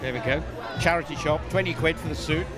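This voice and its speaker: An older Scottish man chats with self-deprecating humour as an interview guest. He is recorded outdoors, with loud music and a packed crowd right behind him. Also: fairly high pitch, fast talker. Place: outdoors at a busy red carpet event. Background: loud music and chattering crowd.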